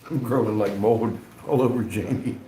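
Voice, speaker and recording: A man's voice: lowish voice, moderate pace, mellow. Rambling man, echoey room. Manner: rambling, chuckles often. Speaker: livestreamer. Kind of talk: casual livestream chat. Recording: echoey room, faint background noise.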